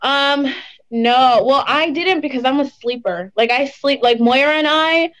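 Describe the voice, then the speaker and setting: A woman's voice: high voice, unhurried, fairly bright tone, poor audio. A young woman chatting casually as an interview guest, full of "like" and "um" fillers. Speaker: interview guest, reality show contestant.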